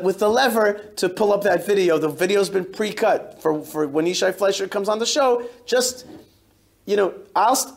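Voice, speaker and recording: High-voiced animated rabbi speaking in a synagogue. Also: male voice. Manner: animated, emphatic storytelling with frequent self-interruptions. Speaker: rabbi giving a talk. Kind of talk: speech to a synagogue audience. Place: synagogue hall.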